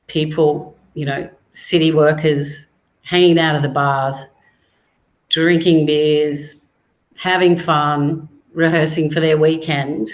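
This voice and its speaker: A middle-aged woman, a guest on an interview show, telling her personal story in a measured, reflective way with pauses. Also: low voice, low-quality recording. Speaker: guest, cancer survivor and author.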